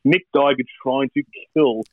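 An Australian man co-hosting a podcast over a video call, talking in a relaxed way and chuckling often. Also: medium pitch, measured pace, no echo, narrow, tinny audio. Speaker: podcast co-host. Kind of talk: casual chat.

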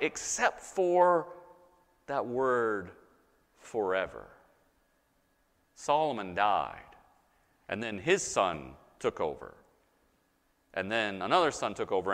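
A man's voice: mid-range voice, fairly bright tone. A male pastor preaching a sermon, conversational and teaching, checking in with his listeners. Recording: hall reverb.

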